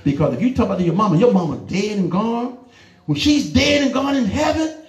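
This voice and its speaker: A high-voiced middle-aged man preaching with a drawl, urging his listeners on and then dropping low. His voice rings around a roomy church hall, with plenty of echo. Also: brisk. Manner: animated, emphatic, lively swings between loud urging and low asides. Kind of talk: sermon.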